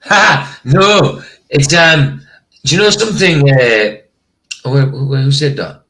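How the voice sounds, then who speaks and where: A man from northeast Scotland with a Doric Scottish accent, rolling his R's strongly in casual chat as a stream host; his voice is a bit rough today. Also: a little high, slow, sharp tone, rough recording. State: slightly rough voice.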